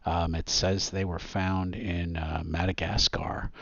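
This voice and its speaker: Low gravelly-voiced game master. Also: male voice, little pitch movement, a bit bright, no echo, lo-fi sound. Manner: halting, many ums and restarts. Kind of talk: narrating a tabletop game.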